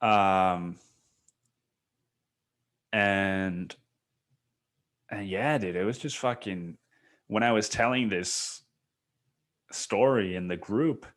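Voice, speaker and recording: A man's voice: lowish voice, slow, long pauses, fairly bright tone. A young man hosting his own podcast, talking in a rambling, candid way, dropping "dude" and "man" and casual swearing. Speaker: podcast host. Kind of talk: casual solo podcast monologue.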